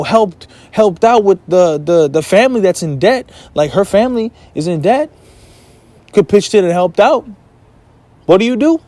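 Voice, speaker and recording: A vlogger addresses his audience directly in a casual, heated rant, blunt and packed with swearing, lecturing them preachily. His voice is somewhat high for a man and a little mellow, with no room sound.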